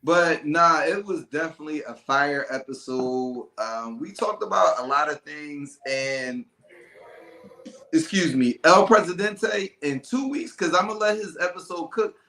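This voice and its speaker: A man hosts a casual podcast, animated and full of slang. His voice sits a little high and sounds bright. The room around him has a noticeable echo. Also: measured pace. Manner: animated, laughing, loose slang. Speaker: podcast host.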